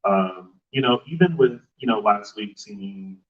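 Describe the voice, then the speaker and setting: A man hosts a relaxed live chat, asking his guests questions in a stop-and-start way. He sits well back from the microphone. The sound is dull and muffled, like a rough first try at live streaming. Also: fairly low pitch. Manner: halting, full of "you know" fillers. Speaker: podcast host interviewing guests. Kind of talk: casual live interview. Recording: muffled live stream audio, distant mic.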